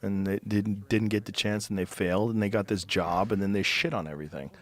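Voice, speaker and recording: A man's voice: fairly low pitch, steady tone, a little fast. A man hosting a casual podcast chat, blunt and argumentative, swearing freely.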